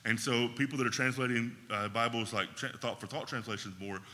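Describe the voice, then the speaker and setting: A man's voice: medium pitch, brisk, bright, forceful tone, long reverb tail. A man teaching a Bible class in a conversational way, often checking in with his listeners.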